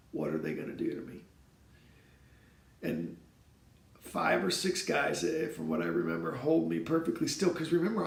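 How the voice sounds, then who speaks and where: Brief: 40s man, higher gravelly voice, earnest emotional personal story, roomy echo. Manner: earnest, emotional, halting with repeated words. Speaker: vlogger telling his own story.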